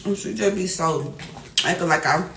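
A middle-aged woman talking casually on a livestream, loud and animated, laughing often. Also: fairly low pitch, normal speed, very noisy. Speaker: livestream host. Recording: echoey room with music behind.

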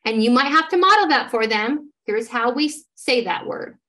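A woman with a slightly high voice leads a reading lesson, sounding out word parts one step at a time. She keeps an encouraging teacher's manner as she models each step for her listeners. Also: lively intonation, normal speed, pushed and bright. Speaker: literacy trainer. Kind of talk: instructional demonstration.

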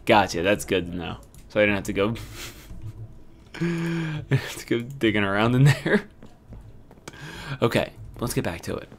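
A young man giving casual, excitable commentary while he plays a game, laughing and thinking aloud. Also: on the low side, moderate pace, pauses often. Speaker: gamer.

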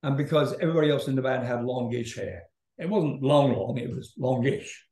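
A man's voice: medium pitch, expressive, fairly quick, mellow. An older man, a rock singer, telling a rambling story in a casual interview, laughing and swearing as he goes. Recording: roomy echo.

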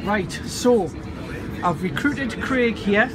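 A man, vlogging casually and excitably on the move through stations and trains, filming on a handheld camera. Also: sits high, slow. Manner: chatty, excitable, laughing often. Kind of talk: casual travel vlog. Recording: crowd and traffic noise around.

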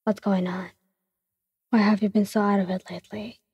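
A woman voicing a calm, caring teenage boy who speaks softly and reassuringly, in a storybook reading with a breathy tone. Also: mid-range voice, normal speed, dry recording, big-room sound, dull audio. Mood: gentle. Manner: soft, gentle, reassuring.

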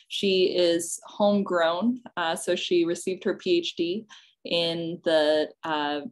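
A woman's voice: lowish voice, low-quality recording. Woman host introducing a guest speaker. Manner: reads an introduction with frequent pauses. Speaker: host, assistant professor.

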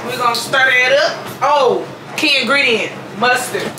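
A woman's voice: sits high, measured pace, noisy background. A young woman chatting playfully to viewers while cooking dinner in her home kitchen, sounding sleepy with a slightly worn voice. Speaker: vlogger. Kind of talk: casual cooking vlog.

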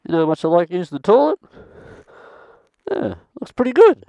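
A man's voice: high voice, huge pitch swings, a little fast, gravelly, mellow, no echo. An Australian man vlogging outdoors in the bush, rambling and swearing mildly as he chats. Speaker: travel vlogger. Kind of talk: casual self-filmed chat.

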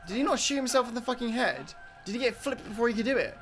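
A streamer giving live gameplay commentary, reacting excitably with plenty of swearing and reading out chat messages. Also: medium pitch, quick pace, over music.

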